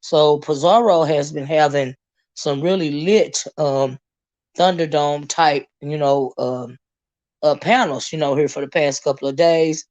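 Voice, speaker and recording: A hoarse woman, hosting a casual livestream, greeting viewers and chatting with many fillers and asides. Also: low voice, measured pace, darkish tone, highs cut off. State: hoarse, lost her voice. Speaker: livestream host.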